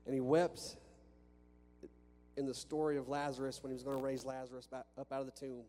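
Brisk and dark-toned, this pastor's mid-range voice stays level as he delivers a sermon in a balconied church sanctuary. His talk is conversational, full of restarts and rhetorical questions. Long reverb from the hall and a faint hum color the audio.

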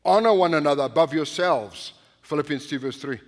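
A man's voice: fairly high pitch, brisk, big-room sound. A male pastor preaching a sermon in a conversational, anecdotal way, often restarting his sentences. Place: church sanctuary.

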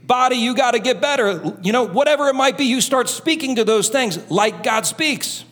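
High-voiced preaching pastor in a reverberant hall. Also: male voice, animated, normal speed, a bit bright. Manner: fervent, preaching with rising intensity; acts out short quoted voices of doubters. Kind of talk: sermon. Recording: hall reverb, live church sermon.

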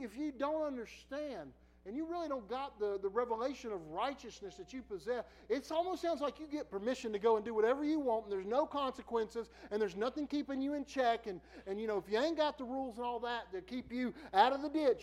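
A middle-aged man preacher telling a personal story in a sermon, laughing often and swinging from quiet asides to loud bursts. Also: extremely high pitch, low-quality recording.

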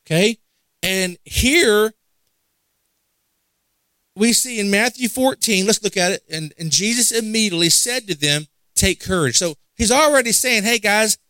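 A man's voice: high-pitched, fairly bright tone, no echo. A man preaching a conversational sermon, asking the congregation questions and repeating phrases for emphasis.

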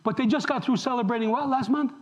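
A man's voice: very high voice, fast, poor audio. A man preaching a sermon, talking straight to the congregation and asking them questions. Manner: animated, asks the congregation questions. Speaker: pastor.

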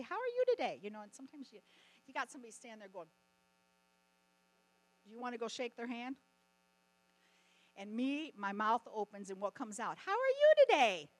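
A middle-aged woman giving a testimony sermon at a conference, telling stories in an animated way and often laughing. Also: a little high, dry recording, low-quality recording. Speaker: conference speaker.

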